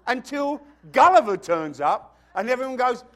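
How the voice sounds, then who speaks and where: A British man delivers a sermon in a high-pitched voice that swoops through a wide, lively range. He is emphatic, mixing jokes into his preaching, and keeps checking in with the congregation. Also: moderate pace, very noisy. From Britain. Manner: emphatic, joking, asks the congregation questions. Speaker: pastor.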